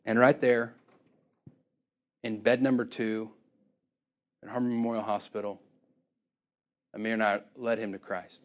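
A man preaching through a story, animated and acting out both sides of each conversation, laughing often as he tells it. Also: lowish voice, unhurried, long pauses. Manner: laughs often while telling. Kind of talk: storytelling sermon.

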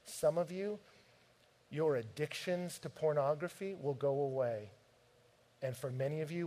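A man preaching a sermon, telling stories from his home life in an animated, direct way. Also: mid-range voice. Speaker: pastor.

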